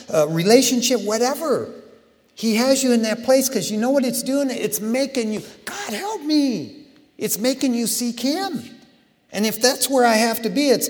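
Man, pastor, conversational sermon, lively delivery, slangy, echoing church hall. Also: high-pitched. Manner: animated, conversational preaching with slang.

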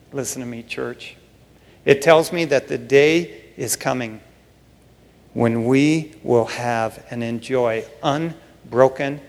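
A man pastor giving a casual sermon, dropping to a hush for emphasis and rising when he acts out voices from Bible stories. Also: mid-range voice, in a large hall. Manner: swings between hushed emphasis and raised excitement.

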